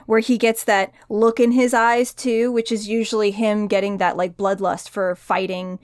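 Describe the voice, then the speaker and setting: A woman's voice: mid-range voice, flat delivery, normal speed, no room sound, clean studio sound. A woman co-hosting a podcast, chatting about a manga and playfully acting out characters' lines. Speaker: podcast co-host. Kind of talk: casual chat about a manga.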